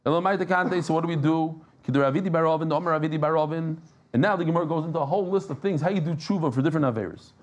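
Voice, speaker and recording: Animated man teaching a Talmud class. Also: on the high side, rapid-fire. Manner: animated, joking, mixes Yiddish and Hebrew terms. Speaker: daf yomi teacher. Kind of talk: lively Talmud class with storytelling. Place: class with live audience.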